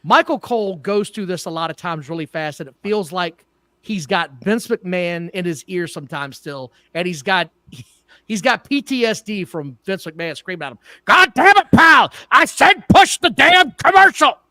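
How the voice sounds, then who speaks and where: A man's voice: sits high, lively intonation, normal speed, a bit bright, no room sound, studio quality. A man co-hosting a wrestling podcast, blunt and opinionated, who often trips over names. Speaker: podcast co-host. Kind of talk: casual wrestling talk.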